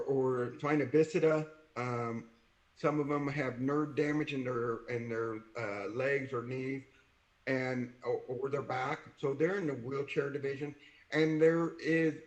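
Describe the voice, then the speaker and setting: A man's voice: mid-range voice, echoey room, poor audio. A man who is deaf and wears hearing aids, an interview guest telling a story, acting out the voices of the people in it. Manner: animated, acts out the voices in his story.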